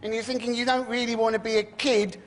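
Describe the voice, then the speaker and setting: A man's voice: extremely high pitch, level tone, fast talker. A man on a comedy panel show, ranting sardonically and acting out silly exchanges.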